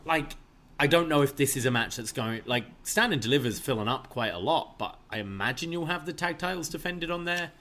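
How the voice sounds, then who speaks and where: A man's voice: fairly high pitch, expressive, a little fast, sharp tone. A man co-hosting a wrestling review show, giving his picks in casual chat and laughing easily.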